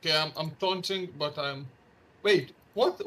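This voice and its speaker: A man chatting casually while playing a co-op game, excitable and often repeating words. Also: fairly high pitch, unhurried. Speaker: gamer playing co-op.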